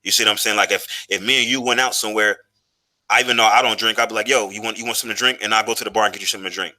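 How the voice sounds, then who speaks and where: A man's voice: on the low side, fairly even intonation, very fast, sharp tone. A man in his thirties telling a personal story in a loose, profane, casual monologue, full of fillers and restarts. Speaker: vlogger.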